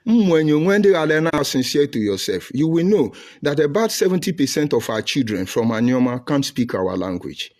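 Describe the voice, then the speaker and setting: A man's voice: a little high, big pitch swings, moderate pace, hardly any pauses, a little mellow. Combative Nigerian man on a live stream. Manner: combative, rhetorical, insulting.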